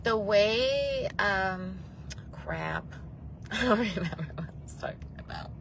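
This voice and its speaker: A woman's voice: medium pitch, lively intonation, takes it slowly, slight background noise. A woman vlogger telling a personal story to her viewers in a rambling, emotional way, tearful at times, with many restarts.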